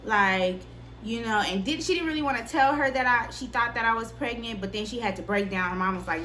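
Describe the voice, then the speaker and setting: A young woman casually telling a personal story on her vlog, candid and profane, with lively delivery. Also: a little high, fairly quick, slight background noise. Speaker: vlogger.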